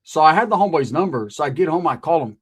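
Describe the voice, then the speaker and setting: A man's voice: a little high, animated, fast, a bit bright, breathy edge. A middle-aged man casually telling a story from his past, full of profane street slang and quoted dialogue. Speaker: podcast guest telling a story.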